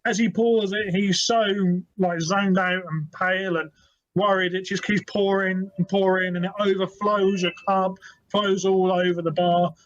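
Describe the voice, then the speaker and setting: A man's voice: high voice, flat delivery, measured pace, dry recording, lo-fi sound. A man narrating a tabletop role-playing game as game master, in an easygoing, descriptive way with fillers.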